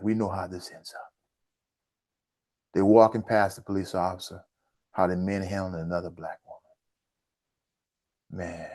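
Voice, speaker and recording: A male commentary host speaks with open indignation, calling his audience family. His pitch is mid-range but swings widely as he presses his points. He talks straight to the viewer. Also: a little mellow. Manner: indignant, addresses listeners as family. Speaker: host of a news commentary channel. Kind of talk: impassioned commentary addressing viewers.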